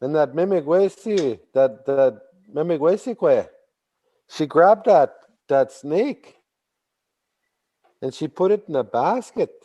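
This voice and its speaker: A man telling a traditional story slowly, repeating phrases and bursting into sudden animated emphasis. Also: on the high side. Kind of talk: oral storytelling.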